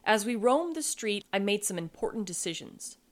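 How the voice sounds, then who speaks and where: A woman reading a first-person story aloud as podcast host, wry and expressive. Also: medium pitch, moderate pace.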